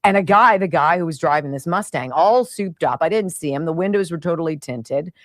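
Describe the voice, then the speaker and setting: A woman in her fifties hosting a radio show, telling stories in a chatty, animated way. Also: sits low, brisk, dry recording, clean studio sound. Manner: chatty, animated storytelling with sound effects and laughs. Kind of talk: casual monologue. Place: radio studio.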